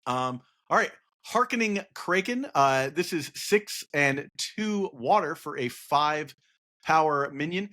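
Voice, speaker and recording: A man's voice: on the high side, fairly bright tone. A man co-hosting a casual card game podcast, rambling with lots of fillers and reading card text aloud. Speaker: podcast co-host.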